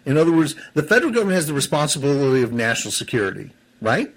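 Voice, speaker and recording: Man, somewhat high voice, angry talk-show commentator who trips over his words when fired up. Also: very animated, rapid-fire. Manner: heated, stumbles and restarts, self-described seething.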